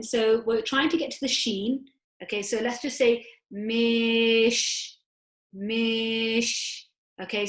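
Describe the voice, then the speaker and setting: Woman, teacher, slightly high voice, patient step-by-step explaining, echoey room. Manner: patient, step-by-step explaining with self-posed questions. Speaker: Quran recitation teacher. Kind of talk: tajweed lesson.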